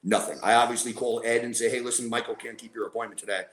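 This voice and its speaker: A man's voice: medium pitch, steady tone, quick pace, a bit bright. A man, a podcast guest, casually telling a long story, rambling with fillers and acting out what people said. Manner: rambling, with fillers and acted-out quotes. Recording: roomy, echoey room.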